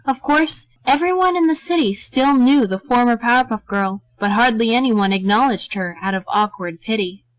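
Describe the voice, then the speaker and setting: A woman's voice: fairly high pitch, normal speed, hardly any pauses, no room sound, poor audio. Woman narrating a story.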